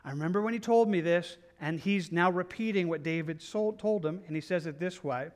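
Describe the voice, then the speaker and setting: A man with a slightly high voice preaches through a Bible passage. He talks in an earnest, conversational way, restarting and repeating phrases as he pleads with his listeners. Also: normal speed, few pauses. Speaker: pastor. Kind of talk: verse-by-verse Bible teaching.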